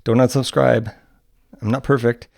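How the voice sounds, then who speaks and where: A man co-hosts a relaxed podcast chat. He hesitates, restarts his phrases and laughs easily. His voice sounds dry and close. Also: mid-range voice, moderate pace, vocal fry, no room sound. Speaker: podcast co-host. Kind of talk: casual chat.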